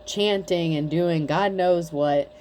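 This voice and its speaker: A woman with a lowish voice giving a tarot reading in a loose, chatty way. She is blunt and mocking and swears freely, with a faint hum of room noise behind her. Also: takes it slowly. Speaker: tarot reader. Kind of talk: casual tarot reading to camera.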